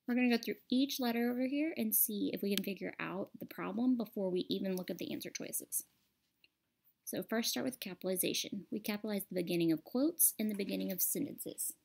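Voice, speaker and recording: A woman's voice: medium pitch, vocal fry, a little mellow. A woman teacher explaining a grammar lesson patiently and step by step over a screen recording.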